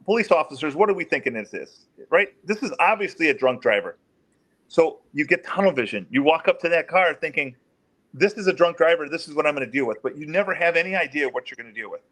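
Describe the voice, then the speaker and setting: A middle-aged man with a slightly raised pitch tells police stories in a lively, conversational way. He jumps into the voices of the people he quotes, lifting his pitch as he plays them out. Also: fast talker. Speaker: guest, former police officer. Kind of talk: storytelling in an interview.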